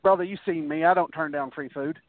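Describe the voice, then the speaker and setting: A man's voice: a little high, fairly quick, no echo. Rambling man on a tinny, dry line. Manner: rambling anecdotes with many restarts and acted-out quotes. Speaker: guest, wrestler. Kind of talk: casual storytelling interview. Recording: tinny phone-like, dry sound.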